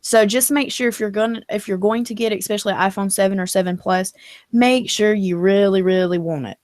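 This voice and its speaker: A woman with a Southern US accent, co-hosting a live stream in chatty talk that turns animated when she quotes people. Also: mid-range voice, brisk, no echo, clean studio sound. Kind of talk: casual live-stream chat.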